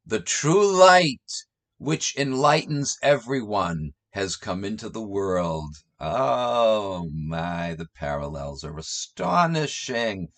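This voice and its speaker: Scornful slow-talking man reading scripture. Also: on the low side, sing-song. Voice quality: sarcastic, scornful, mocking. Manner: reads quotes aloud then jeers, slow drawn-out delivery. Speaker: online commentator. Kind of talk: reading and mocking scripture passages.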